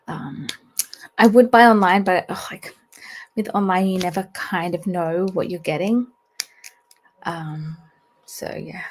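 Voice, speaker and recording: A young woman, hosting a book channel livestream in casual, rambling chat with many fillers and soft laughs. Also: medium pitch. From Australia.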